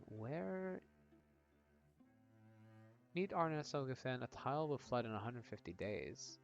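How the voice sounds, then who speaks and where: A man casually narrating a tabletop-style game on a live stream, pausing often and asking his viewers for ideas. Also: medium pitch, very animated, vocal fry. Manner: hesitant, lots of ums, chatty with viewers. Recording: dull lo-fi audio with faint game music.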